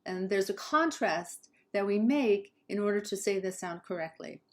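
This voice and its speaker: A woman from Southern California with a Southern Californian accent, teaching English pronunciation slowly and carefully and modeling sounds for learners to repeat. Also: medium pitch, animated. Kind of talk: pronunciation lesson.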